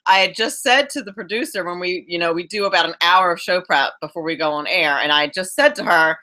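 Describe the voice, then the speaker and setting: A woman hosting a radio talk show, chatting with a guest in a relaxed, talkative way with frequent restarts. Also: lowish voice, fairly quick. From South Jersey, US. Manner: warm chatty storyteller, many restarts, laughs easily. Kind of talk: casual radio interview chat.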